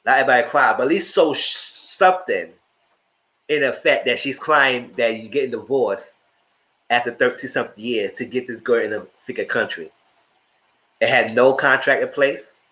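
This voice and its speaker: A man hosting a live show, giving animated, opinionated commentary on reality TV and talking straight to his viewers. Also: mid-range voice, moderate pace. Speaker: host reviewing reality TV.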